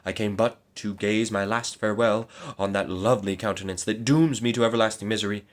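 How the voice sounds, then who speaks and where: A man's voice: on the low side, fairly even intonation, a little fast, natural voice. Man doing a mournful lovesick knight. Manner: earnest, pleading, solemn. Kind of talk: dramatic storybook reading.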